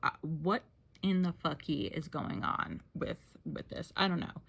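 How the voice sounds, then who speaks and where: A woman's voice: deep voice, unhurried, vocal fry, slightly rough. A young woman chatting casually to camera at home as a vlogger, rambling with many fillers and self-corrections.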